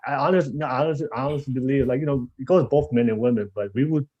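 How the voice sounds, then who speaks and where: A man's voice: medium pitch, racing, dark tone, no room sound, muffled recording. Laughing, joking male podcast host. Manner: laughs often, jokey and crude. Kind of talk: casual podcast chat.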